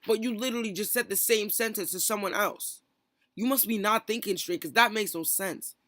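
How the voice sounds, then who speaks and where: Young man, streamer, heated callout rant, high voice, bright tone, close dry sound. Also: dry recording. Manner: heated, rapid rant full of fillers. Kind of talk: ranting vlog callout.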